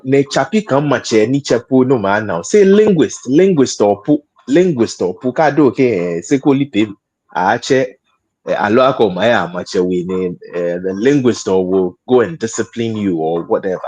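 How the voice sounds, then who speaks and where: A man's voice: mid-range voice, lively intonation, normal speed, a little mellow. A man speaking as a panel guest in a studio discussion, hesitant, repeating words and laughing often.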